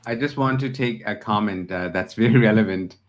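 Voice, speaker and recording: A man from Bangladesh, hosting an interview in an animated, outspoken way. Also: lowish voice. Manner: animated, outspoken, quick asides. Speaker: host.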